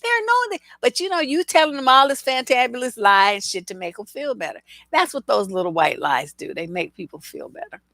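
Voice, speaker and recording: A woman's voice: on the high side, very animated, brisk, creaky, fairly bright tone, no echo. Blunt, laughing woman relationship coach. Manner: laughing through anecdotes, blunt and profane. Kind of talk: casual commentary with storytelling.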